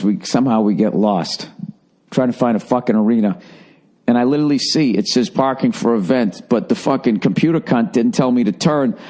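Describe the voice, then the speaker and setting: A man's voice: mid-range voice, a little mellow. A man hosting a solo podcast, telling a rambling story full of profanity and self-mocking asides. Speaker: podcast host.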